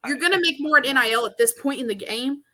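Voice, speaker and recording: Bright-voiced blunt woman co-host. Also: high-pitched, lively intonation, fast talker. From Arkansas, US. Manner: blunt, opinionated. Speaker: podcast co-host. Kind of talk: casual sports chat.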